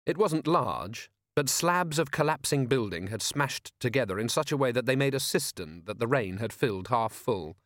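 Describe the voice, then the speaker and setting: A man reading a comic fantasy novel aloud in a measured, wry way. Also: mid-range voice, lively intonation, a bit bright, no room sound, clean studio sound. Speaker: audiobook narrator. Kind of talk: scripted narration.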